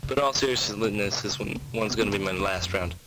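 A man's voice: fairly low pitch, moderate pace, a loud crowd, close to an everyday voice, low-quality recording. A man playing a male Russian soldier in a put-on Russian accent with broken English, in game voice chat. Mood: mocking. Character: sleepy male Russian soldier, friend of Artyom. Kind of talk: in-game voice chat role-play. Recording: game voice chat over loud music.

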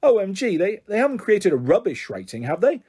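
A man voicing an excitable young schoolgirl with breathless, squealing exclamations in a storybook reading. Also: sits high, brisk, breathy edge, voice pushed up, exaggerated voice. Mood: excited.

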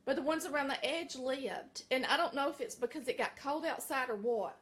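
A woman's voice: high-pitched, fairly quick, a bit bright. A middle-aged Southern woman with a Southern American accent, chatting folksily to viewers in a casual vlog from her home kitchen. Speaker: vlogger.

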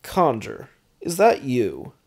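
A man reading an audiobook, voicing a smug, pompous male vampire baron who speaks in a low, mocking drawl. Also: huge pitch swings, slow, slightly rough, heavily acted.

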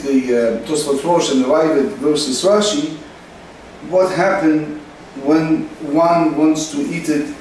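Man, Talmud lesson, slow halting explanation, faint background noise. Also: a little high, a little mellow, distant mic. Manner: slow, halting delivery, reading Aramaic then translating. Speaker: Talmud teacher. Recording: echoey room, faint noise.

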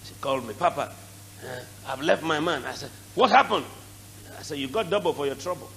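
A middle-aged man with a Nigerian accent preaching a sermon, animated, with sudden shouted bursts and dramatic drops in volume. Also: fairly high pitch, fairly quick, gravelly, a little hiss or hum, rough recording. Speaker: archbishop.

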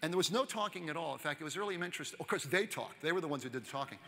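A man in his sixties tells a long story at a keynote, chatty and quick to ask the crowd questions. His voice sits a little high and has a bright, forceful edge. The sound carries the long reverb of a large conference hall. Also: vocal fry, slight background noise. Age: 60s. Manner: lively, chatty, asks the audience questions. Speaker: keynote speaker.

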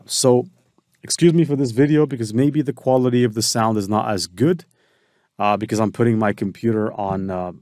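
A man hosting a software tutorial, thinking aloud as he walks through each step. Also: medium pitch, dry recording, studio quality. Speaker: tutorial host. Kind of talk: screen-recorded software tutorial.

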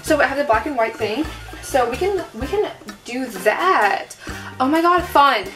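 Young woman rambling thru her makeup vid, kinda high voice, sarcastic, music playing under it. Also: animated, unhurried. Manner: chatty, self-mocking, lots of "like" and sarcasm. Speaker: beauty vlogger. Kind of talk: casual makeup tutorial chat. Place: at home in front of a mirror. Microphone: camera propped on a table.

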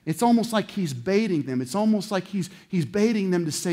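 A male pastor delivers a sermon in a high-pitched voice. He drives some phrases hard and loud, then drops to hushed, intimate tones to press a point home. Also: expressive, fairly quick. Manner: dynamic preaching, swinging from loud emphasis to soft, intimate lows. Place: church sanctuary.

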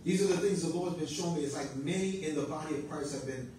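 High-voiced preacher in an echoey church. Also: male voice, fast talker, noisy background. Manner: exhorting with call-and-response amens and repeated phrases. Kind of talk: sermon. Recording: very echoey room, mic at a distance.

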